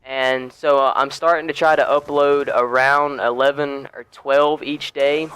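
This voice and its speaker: A man's voice: mid-range voice, level tone, a little slow, a bit bright, slight background noise, poor audio. A young man chatting casually over gameplay, rambling with lots of fillers and restarts. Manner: laid-back and chatty. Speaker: gaming YouTuber.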